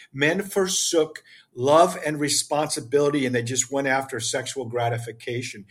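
Older guy w a husky voice, preachy and fired up, interview guest. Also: a little high. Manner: emphatic, preachy, acts out dialogue. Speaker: podcast guest, author. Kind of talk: impassioned interview talk.

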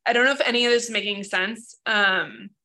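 A woman's voice: mid-range voice, fairly quick, bright, forceful tone. A woman sharing her writing struggles in a group workshop, talking earnestly and emotionally with many fillers over a video call. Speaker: workshop participant. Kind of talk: casual group discussion.

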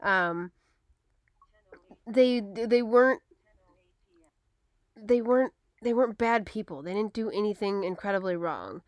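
Upset mom venting about her day, smooth clear voice, dry close sound. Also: mid-range voice, measured pace, pauses often, no echo. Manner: upset, frank, retelling dialogue with emphasis. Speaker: mother telling a personal story. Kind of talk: casual personal storytelling.

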